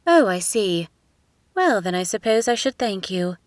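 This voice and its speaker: A woman voicing a runaway young princess who speaks formally and gently. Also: mid-range voice, big pitch swings, a little slow, no echo. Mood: gentle.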